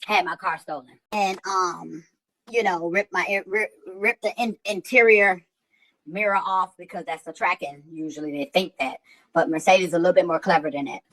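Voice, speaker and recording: A woman's voice: on the low side, fairly even intonation, moderate pace, fairly bright tone, poor audio. A woman who hosts a livestream, telling a story in casual, profane, slang-heavy chat. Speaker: livestream host.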